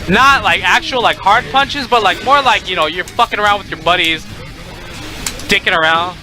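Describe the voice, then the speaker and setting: Excitable high-voiced young man telling stories. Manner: animated, profane, excitable storytelling. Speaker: storyteller. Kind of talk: casual storytime.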